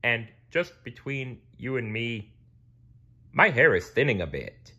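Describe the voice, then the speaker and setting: A man voicing a pompous, haughty old sea king in a storybook reading, booming and stern. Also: big pitch swings, slow, pushed and bright, breathy edge, dull audio, heavily acted. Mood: confiding. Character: pompous vain sea king, male, older.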